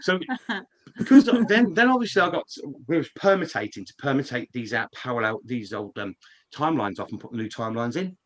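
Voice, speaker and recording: A man's voice: mid-range voice, big pitch swings, fairly quick. A man, rambling through a casual story with frequent swearing and restarts, speaking as a guest on a live online stream.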